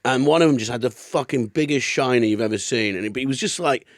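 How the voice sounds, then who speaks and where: A man's voice: medium pitch, fast, dry recording, clean studio sound. A man hosting a comedy podcast, chatting casually and telling stories full of swearing and put-on voices. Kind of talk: casual chat.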